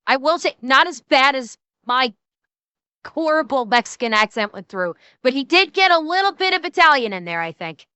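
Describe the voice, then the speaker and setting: A high-pitched woman streamer chats through a reaction video, rambling, laughing and swearing freely. Her voice is bright and sharp, recorded dry and close. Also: expressive, moderate pace, clean tone, no echo. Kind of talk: casual reaction commentary.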